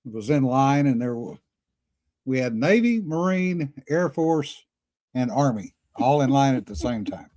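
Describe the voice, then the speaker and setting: A man's voice: mid-range voice, lively intonation, unhurried, darkish tone, dry recording. A man co-hosting a casual livestream chat, telling stories and laughing often. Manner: chatty storyteller, laughs often. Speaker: podcast co-host.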